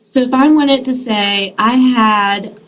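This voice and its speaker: A woman's voice: on the high side, slow pace, a bit bright, low-quality recording. A woman teaching a Spanish grammar lesson in a classroom, explaining patiently step by step and checking in with her students.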